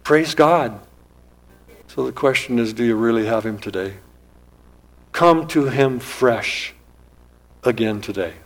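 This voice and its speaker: A man's voice: medium pitch, slow, pauses often, low-quality recording. A man preaching a sermon in an earnest, emphatic style, his voice rising and dropping as he speaks. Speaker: pastor.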